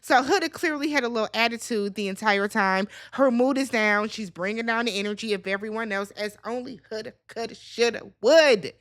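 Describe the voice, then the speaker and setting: A woman with a high voice recaps a reality show in a casual vlog. She is blunt, sassy and freely profane, and she talks straight at her viewers as if they were friends. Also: fairly quick, hardly any pauses, a bit bright.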